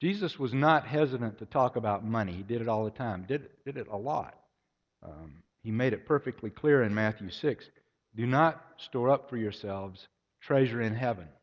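A man's voice: mid-range voice, animated, normal speed. A man preaching a sermon, telling anecdotes and acting out their voices. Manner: storytelling, acts out voices in anecdotes. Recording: echoey hall, dull lo-fi sound.

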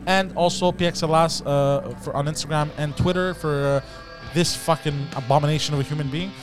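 A man's voice: fairly high pitch, fairly even intonation, moderate pace, music in the background. A man hosting a comedy podcast, bantering loosely, swearing, laughing and stumbling over his words. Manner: rowdy, swearing, laughs a lot, stumbles and restarts. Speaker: podcast host.

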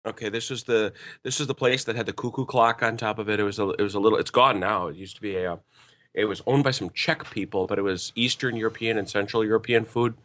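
A man's voice: on the low side, fairly even intonation, fast, fairly bright tone. A man in casual chat, telling long rambling stories with frequent stammered restarts.

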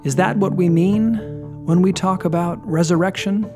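A man preaching a sermon in a relaxed, conversational storytelling way, reflective and questioning. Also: high-pitched, moderate pace, music in the background.

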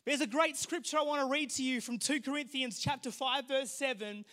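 A young Australian pastor with a markedly high, bright voice, preaching with humor and stories. He rises to forceful, shouted declarations. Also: a little fast. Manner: humorous storytelling, building to shouted proclamation. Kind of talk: sermon.

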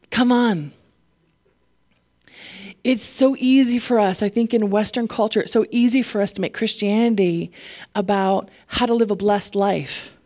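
A woman pastor preaching a sermon, animated and laughing often, getting emotional at times. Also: mid-range voice, measured pace, pauses often.

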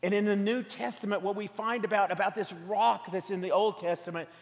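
A man with a high-sitting voice and fairly even intonation preaches fairly quickly as pastor. He mixes jokes and stories into his sermon in a humorous storytelling style. Long hall reverb from the church sanctuary is audible.

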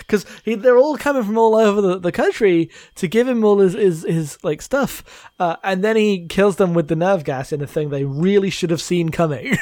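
A man's voice: sits high, normal speed, darkish tone, no echo, clean studio sound. A man co-hosting a casual film discussion podcast, loose and laughing, swearing freely. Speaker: podcast co-host.

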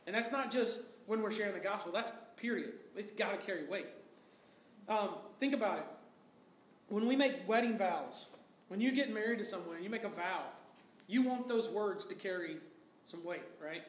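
Man, pastor, sermon, conversational, rhetorical questions, high voice, echoey church room. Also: moderate pace, slight background noise. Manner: conversational preaching, rhetorical questions and acted-out quotes.

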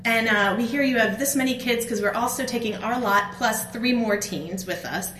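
A middle-aged woman telling a personal story as a conference speaker at a faith event, animated and acting out her own outbursts. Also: a little high, moderate pace, slight background noise. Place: conference hall. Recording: echoey room with faint ambience.

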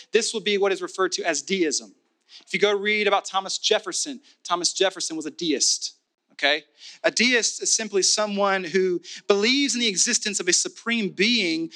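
A man preaching a sermon as pastor, building to fervent repeated declarations and then dropping to a soft, intimate tone. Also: sits high.

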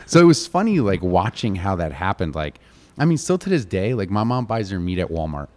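Fast-talking low-voiced man. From Connecticut. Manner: animated, quotes family members, heavy use of "like". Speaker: chef and restaurant owner. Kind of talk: casual interview storytelling.

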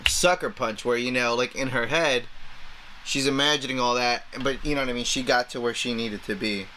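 A man's voice: mid-range voice, brisk, sharp tone, slight background noise, poor audio. A young man co-hosting a podcast, talking loosely about a film with lots of fillers and restarts. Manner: loose and rambling, lots of 'like' and 'you know'. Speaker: podcast co-host. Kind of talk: casual movie-review chat.

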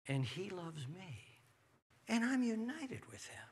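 A man preaching a sermon as pastor, animated and acting out people's inner thoughts. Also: sits high, slow, vocal fry, husky.

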